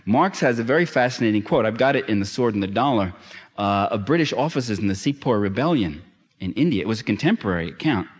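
A man's voice: fairly low pitch, animated, quick pace, slightly rough. A man giving a public lecture, emphatic and sardonic, building to impassioned climaxes. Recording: long hall reverb.

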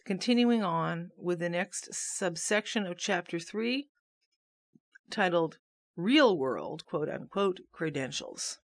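A woman reading aloud from a nonfiction book in a steady, measured way. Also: fairly low pitch, dry recording, studio quality.

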